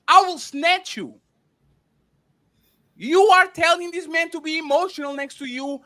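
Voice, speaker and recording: High, bright-voiced man arguing emphatically. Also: moderate pace. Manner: emphatic, repeats names and words, interrupts. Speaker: panel show host. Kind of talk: heated panel debate.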